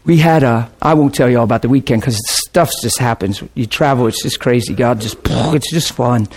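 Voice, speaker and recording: A man preaching as a pastor, telling a story casually with lively swings between low asides and excited high bursts. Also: normal speed. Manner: casual, rambling, with restarts and laughter. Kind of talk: sermon storytelling.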